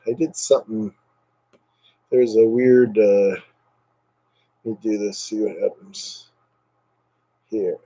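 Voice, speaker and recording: A man's voice: fairly low pitch, fairly even intonation, slow, long pauses, mellow, husky, dry recording, low-quality recording. A man chatting casually with live viewers over a webcam at home, joking and sarcastic, rambling from topic to topic. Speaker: live streamer.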